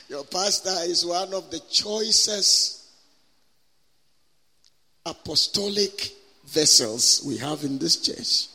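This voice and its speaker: A man preaching as a guest speaker at a church conference, leading prayer and having the congregation repeat scripture after him with an impassioned, drawn-out cadence. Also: fairly high pitch, bright, forceful tone, slightly rough. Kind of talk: sermon with prayer and call-and-response. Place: large church hall. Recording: long hall reverb.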